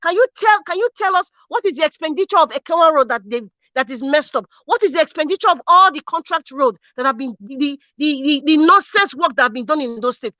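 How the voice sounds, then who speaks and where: A young Nigerian woman rants about politics on her own vlog, angry and fiery, hammering one rhetorical question after another. Her voice sits high and sounds bright and sharp. The recording is dry and a little dull, like a lo-fi mic. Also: animated, brisk, hardly any pauses, dry recording. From Edo State, Nigeria. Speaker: political commentary host. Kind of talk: impassioned political rant.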